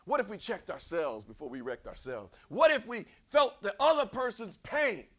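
High-voiced, animated male preacher. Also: moderate pace. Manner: swings from hushed whispers to shouted emphasis; conversational, repeats words for emphasis. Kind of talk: sermon.

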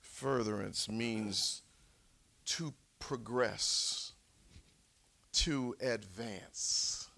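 A male preacher delivering a sermon, swinging from shouts to near whispers and calling out for responses from the congregation. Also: on the low side, drawn-out words, vocal fry, long pauses.

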